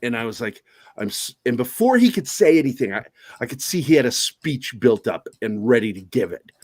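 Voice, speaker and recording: A man's voice: mid-range voice, big pitch swings, a little fast, no room sound. A man guesting on a podcast, telling stories in a casual, profane, self-mocking way. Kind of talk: casual storytelling chat.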